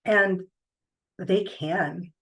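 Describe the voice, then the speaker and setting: A middle-aged woman giving a reflective motivational talk, earnest and deliberate, with pauses between phrases. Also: on the low side, a bit bright, rough recording.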